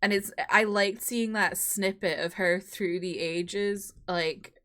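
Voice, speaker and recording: Slow-talking young woman reacting warmly. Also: mid-range voice, steady tone. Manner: chatty and heartfelt, many "like" fillers. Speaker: reaction video host. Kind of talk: casual reaction commentary.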